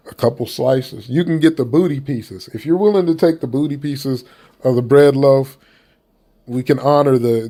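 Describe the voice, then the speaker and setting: A man's voice: medium pitch, mellow. A man from the United States giving casual opinion commentary in a blunt, profane and rambling way.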